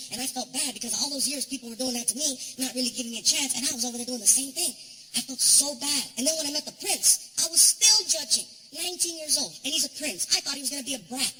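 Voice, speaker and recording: A man in his thirties performing stand-up comedy, telling stories in an animated way with exaggerated voices. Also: very high-pitched, poor audio. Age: 30s.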